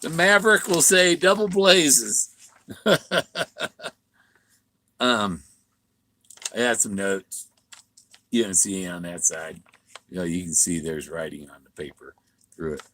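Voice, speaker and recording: A man's voice: deep voice, lively intonation, measured pace, pauses often, pushed and bright, slight background noise. A man rambling through a casual monologue, stumbling and repeating words, sometimes mimicking other voices. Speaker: vlogger.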